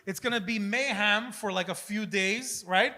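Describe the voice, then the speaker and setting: A man guesting on a comedy podcast, telling a bit in a profane, animated way. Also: high voice, moderate pace. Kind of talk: casual comedy podcast banter.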